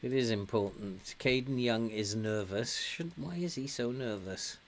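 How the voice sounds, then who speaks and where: An older man from England talks through a football management game at an unhurried, easygoing pace. He chats casually, laughs often, and gets loud cheering his players on. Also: mid-range voice, slight background noise. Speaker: game streamer. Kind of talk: casual gameplay commentary.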